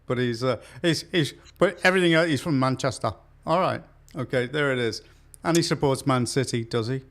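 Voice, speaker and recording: A man's voice: medium pitch, a little fast. A man hosting a casual political chat, easygoing and agreeable as he moves the show along. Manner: easygoing, agreeable, wraps things up. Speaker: podcast host.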